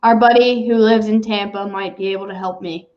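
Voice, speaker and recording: A woman's voice: medium pitch, brisk. Laughing, swearing woman co-host, lo-fi sound. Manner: animated, laughs often, swears freely. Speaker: podcast co-host. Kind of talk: casual chat. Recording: dull lo-fi sound.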